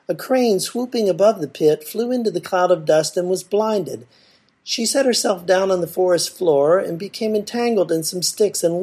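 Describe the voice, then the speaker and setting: A woman reading a folk tale aloud in a measured, expressive way. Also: fairly low pitch, husky. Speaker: storyteller.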